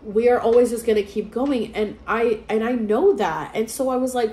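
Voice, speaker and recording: A young woman telling a story in a casual vlog, rambling and animated with lots of fillers. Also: a little high, normal speed, few pauses. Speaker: vlogger. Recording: echoey room with faint ambience.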